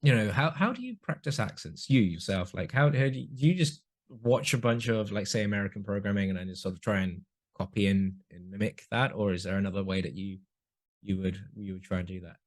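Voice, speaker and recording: Low-voiced, hesitant male host. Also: a little fast. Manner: hesitant, restarts questions, laughs along. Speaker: interview host. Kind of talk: casual interview chat.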